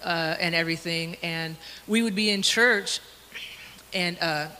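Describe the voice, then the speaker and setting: A young woman sharing a personal testimony in a Sunday school class, halting and emotional, with many fillers. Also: lowish voice, pushed and bright. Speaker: church member sharing a testimony. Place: church classroom. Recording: long hall reverb with faint noise.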